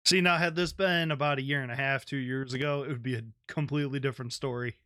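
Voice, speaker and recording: A man's voice: medium pitch, steady tone, fast, sharp tone, no room sound, studio quality. A man hosting a podcast, bantering casually with plenty of swearing. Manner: laid-back, profane banter. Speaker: podcast host. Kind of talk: casual chat.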